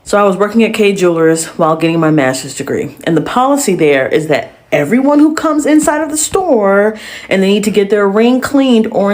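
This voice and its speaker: A woman telling a personal story in a casual, animated way, full of sassy slang asides. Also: medium pitch.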